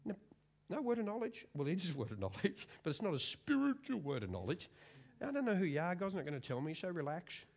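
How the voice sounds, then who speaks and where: A husky-voiced Australian man in his fifties preaches in a church, swinging his fairly high voice up and down with lively energy. He jokes with the congregation and repeats words for emphasis. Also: fast. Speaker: pastor. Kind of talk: sermon.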